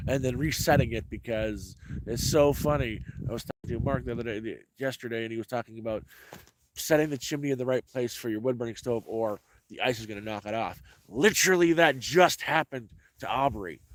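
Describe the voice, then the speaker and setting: A man's voice: mid-range voice, background noise. A man talking casually to his viewers in a rambling way, restarting and repeating himself often. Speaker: vlogger. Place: rural off-grid homestead, cold.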